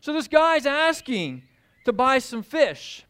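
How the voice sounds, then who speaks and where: A man delivers a sermon, retelling a story with lots of animation. His voice sits high and swoops widely in pitch. He acts out scenes as he goes. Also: sing-song, slow, fairly bright tone, clear, resonant tone. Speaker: pastor.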